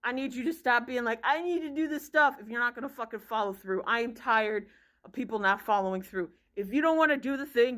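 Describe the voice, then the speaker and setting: A woman's voice: a little high, fairly bright tone. A woman in her thirties telling a story as a casual vlog rant, blunt and profane, sounding exasperated. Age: 30s. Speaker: vlogger.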